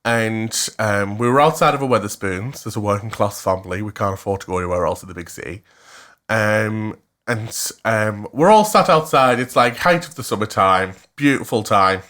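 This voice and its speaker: A man in his twenties with a Cumbrian accent, co-hosting a casual podcast and telling stories in an animated, flamboyant way, laughing often and jumping up high for quoted lines. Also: normal speed. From West Cumbria, England. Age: 20s. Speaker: podcast co-host. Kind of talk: casual chat, storytelling.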